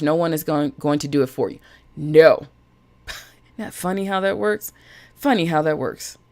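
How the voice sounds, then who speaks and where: Chatty and animated, a woman greets viewers by name as she hosts a casual live stream in her role as a budget coach. Her voice is fairly low in pitch.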